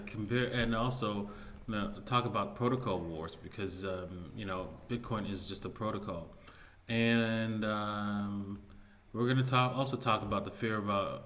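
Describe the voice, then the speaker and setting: Casual rambling man, low voice. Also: fairly bright tone. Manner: rambling, many fillers and restarts, chuckles at own jokes. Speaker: crypto video host. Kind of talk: casual market commentary.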